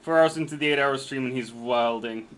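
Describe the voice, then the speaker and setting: A man streaming a video game, chatting casually with viewers, reading out chat and joking around. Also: mid-range voice. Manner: playful, jokey, reads chat aloud.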